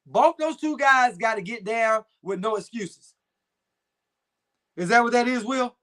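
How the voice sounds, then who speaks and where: A man's voice: very high voice, unhurried, a bit bright. A young adult man hosting a live stream, chatting casually with slang and reading viewer comments. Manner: laid-back slangy banter, frequent fillers.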